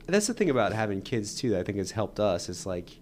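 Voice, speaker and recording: A man in his thirties, a guest on his wife's podcast, talking in a relaxed, teasing, literal-minded way. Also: lowish voice, quick pace, a little hiss or hum. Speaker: podcast guest, host's husband. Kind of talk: casual chat.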